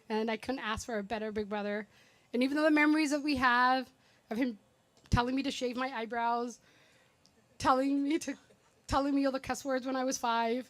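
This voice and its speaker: A woman in her thirties giving a chatty, rambling, affectionate birthday speech for her brother at a party. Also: a little high. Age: 30s. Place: party venue.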